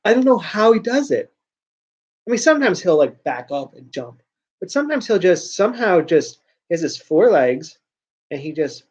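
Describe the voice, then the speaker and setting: A man's voice: high voice, very animated, moderate pace, darkish tone, dull audio. A man hosting a joke news show from home, rambling and self-mocking as he talks at his computer. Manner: rambling, joking, self-mocking, trails off and restarts. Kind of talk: casual rambling talk to camera.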